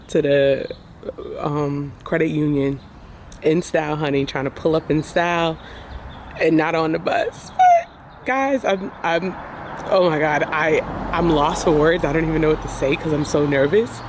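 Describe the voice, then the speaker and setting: A woman's voice: low voice, echoey room, a little hiss or hum. A young woman, chatting casually to her vlog viewers, calling them y'all and honey. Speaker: vlogger. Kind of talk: casual vlog talk to camera. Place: inside and around a car, outdoors in the city.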